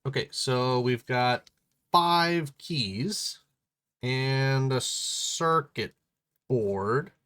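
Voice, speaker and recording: A man's voice: medium pitch, very slow, fairly bright tone, clean tone. A man streaming live, reading a puzzle book aloud and chatting playfully, often muttering to himself as he works.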